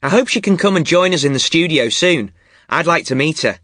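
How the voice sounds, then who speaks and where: Bright, clear male podcast host. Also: a little high, expressive, dry recording, clean studio sound. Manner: clear, measured presenting. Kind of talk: scripted podcast presenting.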